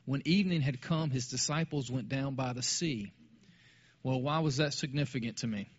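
A man's voice: medium pitch, moderate pace, breathy edge, lo-fi sound. A man talking casually about faith in a conversational way, often restarting his sentences.

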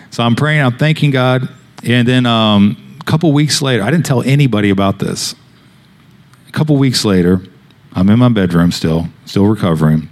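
Low-voiced man telling a sermon story. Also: normal speed, darkish tone. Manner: conversational storytelling with frequent fillers and restarts. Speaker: pastor.

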